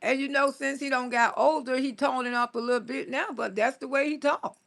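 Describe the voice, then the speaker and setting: Her voice sits high and creaky, a bit bright, with fairly even intonation at a fairly quick pace. She's a woman in her sixties, a blunt, salty comedian on a casual live stream, reading viewer comments and laughing often as she tells stories and scolds.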